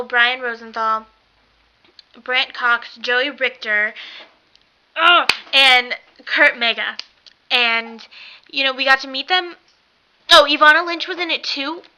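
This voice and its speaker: A young woman excitedly gushing in a casual vlog, rambling with lots of fillers. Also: high-pitched, slow pace, long pauses. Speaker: vlogger. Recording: dull lo-fi webcam sound with faint hiss.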